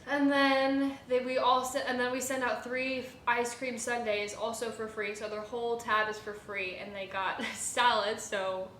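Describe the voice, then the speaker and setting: A young woman and restaurant server telling a rambling, animated story in a casual vlog, swearing freely and using many fillers. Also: mid-range voice. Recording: echoey room with faint hiss.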